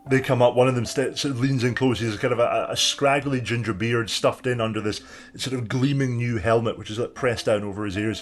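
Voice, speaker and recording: A man narrating as game master of a tabletop game, in a relaxed, descriptive way. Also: medium pitch, brisk, few pauses, faint music behind.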